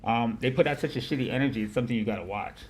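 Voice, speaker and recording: A man hosting a casual livestream about markets, with a nasal voice, rambling, swearing often and laughing loudly. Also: mid-range voice, rapid-fire, slight background noise. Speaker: livestream host of a market analysis show. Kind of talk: casual profane chat.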